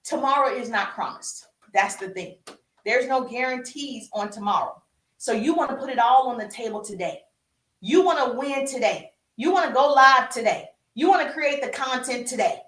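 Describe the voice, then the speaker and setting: A woman's voice: high voice, expressive, normal speed, a bit bright, roomy sound, recorded from a distance. A woman coaching on social media marketing in an emphatic, repetitive, preacher-like motivational style. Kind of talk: motivational training talk.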